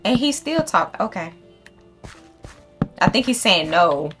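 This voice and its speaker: Speaking slowly but with a very animated, mid-range voice, a woman runs a casual game playthrough over music. As a gaming channel host, she swears freely, chats straight at her viewers, and talks to the animals on screen.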